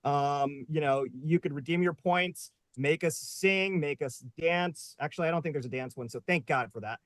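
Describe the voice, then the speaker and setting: Man hosting a live panel, upbeat, jokey, fairly high voice, dry sound. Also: moderate pace, fairly bright tone, no echo. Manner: upbeat, joking, many fillers. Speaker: host. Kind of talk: casual live panel chat.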